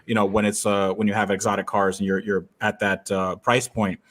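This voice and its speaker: A man's voice: fairly low pitch, flat delivery, fairly quick, a bit bright. A man telling a story as a podcast guest, in a loose, rambling way with many fillers and restarts. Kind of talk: casual podcast chat.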